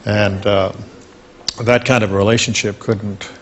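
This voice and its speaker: Low-voiced older man reminiscing. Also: little pitch movement, slight background noise. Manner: fond, unhurried reminiscing. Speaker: guest. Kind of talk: talk show interview.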